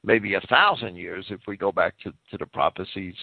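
A man's voice: low voice, brisk, vocal fry, dry recording. A man speaking over a headset as a co-host. He is sneezing and coughing, and agrees eagerly with repeated restarts. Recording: dry tinny phone-like line.

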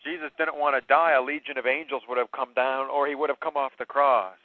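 A man's voice: medium pitch, fairly even intonation, fairly quick, dry recording. A man hosting a talk show who reads out a text and rebuts it in an indignant, emphatic way, with stumbling restarts. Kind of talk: reading a text aloud and rebutting it. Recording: dry tinny phone-like line.

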